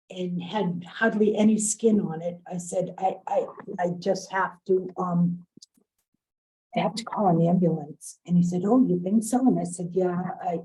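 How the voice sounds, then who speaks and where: A woman's voice: lowish voice, warm tone, rough recording. A woman on a video call, earnestly telling a story from her work in a training session and quoting the people involved. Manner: earnest, quotes the dialogue of others. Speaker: program staff member in a training session.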